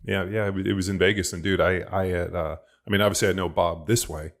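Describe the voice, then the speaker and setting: Deep-voiced, excitable male podcast host. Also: fast. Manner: excitable, profane bro storytelling. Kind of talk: casual podcast chat. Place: podcast studio.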